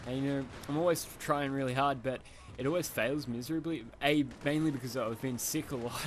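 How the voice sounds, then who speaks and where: A man's voice: mid-range voice, fairly even intonation, a little fast. Young Australian man, slight lisp, sniffly, self-deprecating rambling gamer commentary, faint background noise. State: sniffly from hay fever. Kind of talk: casual gameplay commentary.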